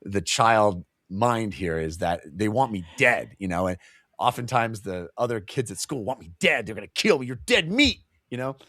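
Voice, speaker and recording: Animated man recapping a book. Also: fairly low pitch, normal speed, no echo, clean studio sound. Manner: animated, acts out characters' lines while recapping; laughs often while telling. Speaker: podcast co-host. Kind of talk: casual book discussion.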